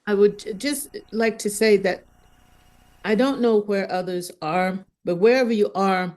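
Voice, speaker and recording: A woman sharing a spiritual experience in a gentle, hesitant way, often repeating words. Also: medium pitch, a little slow. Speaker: wisdom circle participant.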